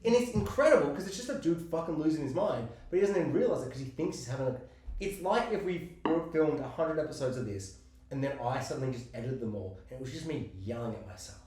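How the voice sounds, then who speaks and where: A man co-hosting a casual film discussion podcast, talking in a rambling, animated way and swearing often. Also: fairly high pitch, fast. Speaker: podcast co-host. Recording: very echoey room.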